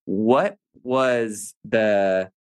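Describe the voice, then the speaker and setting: A man's voice: fairly low pitch, drawn-out words, smooth. A man hosting a podcast, asking curious, open questions about fitness. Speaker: podcast host. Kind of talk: podcast interview.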